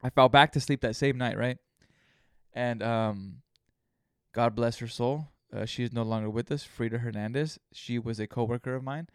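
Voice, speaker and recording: A man's voice: medium pitch, moderate pace, clean tone, no room sound, clean studio sound. A man hosting a solo podcast, telling rambling stories with plenty of swearing. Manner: rambling storytelling, heavy swearing. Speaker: podcast host. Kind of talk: casual solo podcast monologue.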